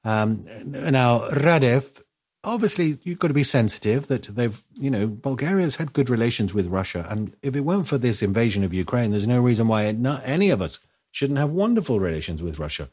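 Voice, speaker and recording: A man hosting a news commentary, chatting casually with rambling, jokey asides that trail off into low mumbles. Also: lively intonation, brisk, a little mellow.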